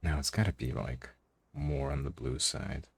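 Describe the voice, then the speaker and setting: A man's voice: very deep voice, moderate pace, gravelly, breathy edge, no room sound. A man streaming while he draws, chatting casually and swearing offhandedly. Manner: laid-back, swears casually. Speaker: art streamer.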